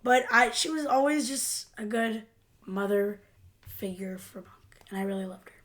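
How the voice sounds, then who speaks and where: A woman co-hosting a podcast, chatting casually in an excitable, affectionate way. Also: medium pitch, moderate pace. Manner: excitable, affectionate fan talk. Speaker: podcast co-host. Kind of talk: casual chat.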